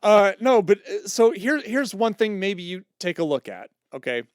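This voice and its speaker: A man's voice: sits high, sing-song, moderate pace, no echo. Man, podcast co-host, earnest advice, resonant tone, dry room. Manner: joking, then earnest and reasoned when giving advice. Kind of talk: casual chat giving advice.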